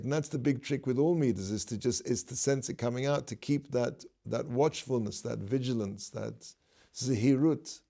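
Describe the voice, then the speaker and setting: Rabbi lecturing a class, man with a mid-range, gravelly voice, relaxed and digressive. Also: mid-range voice. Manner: relaxed, digressive storytelling, mixing in Hebrew terms. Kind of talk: conversational Torah lesson.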